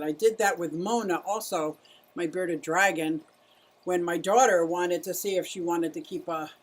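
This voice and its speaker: Middle-aged woman, casual livestream host, chatty with her viewers and her turtles. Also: on the low side. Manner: chatty, greets viewers, talks to her animals. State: out of breath at times.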